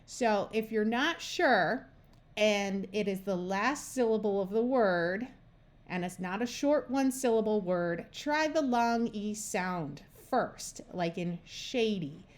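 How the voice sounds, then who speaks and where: An American woman walks learners through syllable rules at an unhurried pace. Her voice sits in a medium range. She says each sound and word one at a time with patient care. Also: mid-range voice, animated. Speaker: reading tutor. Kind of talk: slow, careful phonics lesson.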